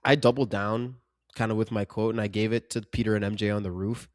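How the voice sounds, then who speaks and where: A man's voice: fairly low pitch, steady tone, a little fast, dry recording, clean studio sound. A man co-hosting a podcast, chatting casually about a film in an earnest, emphatic way and often stumbling over repeated words. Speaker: podcast co-host. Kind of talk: casual film review chat.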